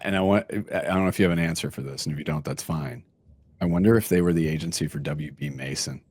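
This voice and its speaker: A man's voice: rumbling low, fast talker, husky. A man hosting an interview, joking around and laughing often as he asks questions. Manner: jokey, animated, laughs often. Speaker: interviewer, host. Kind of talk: casual interview chat.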